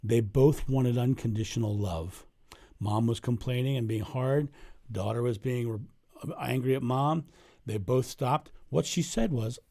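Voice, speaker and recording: A man's voice: mid-range voice, moderate pace, creaky, dark tone. A middle-aged man and spiritual coach answering viewer questions on a livestream, telling stories in an earnest way and repeating phrases for emphasis. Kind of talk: livestream Q&A monologue.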